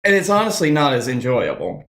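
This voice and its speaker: A man co-hosting a comedy podcast, calmly describing hot sauces in casual chat. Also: medium pitch, brisk, echoey room. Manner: relaxed, agreeable, reads sauce notes calmly. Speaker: podcast co-host.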